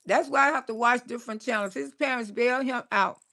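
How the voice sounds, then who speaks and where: A comedian in her sixties chats casually on a live stream, reading viewer comments, telling stories and scolding with blunt, salty humor and frequent laughter. Her slightly high voice is fast, pushed and bright.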